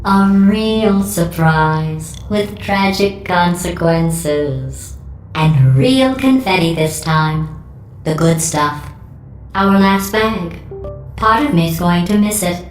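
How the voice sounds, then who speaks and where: A woman voicing a cold, sarcastic female AI computer who speaks in a deadpan, mocking way. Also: lowish voice, recorded from a distance. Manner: deadpan, mocking, slow and measured. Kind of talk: video game voice acting. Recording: very echoey game audio with music.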